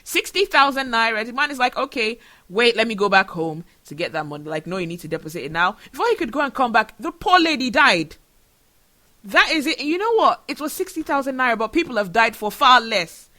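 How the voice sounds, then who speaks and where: A woman's voice: on the high side, very animated, brisk, pushed and bright. A woman hosting her own show, speaking in an emotional, indignant monologue full of rhetorical questions. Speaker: show host. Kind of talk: impassioned monologue to camera.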